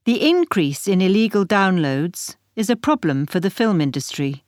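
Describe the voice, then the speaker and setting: A woman reading textbook example sentences for a pronunciation lesson, with slow, careful enunciation. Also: on the low side, big pitch swings, a little mellow, no echo, clean studio sound. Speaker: textbook audio reader.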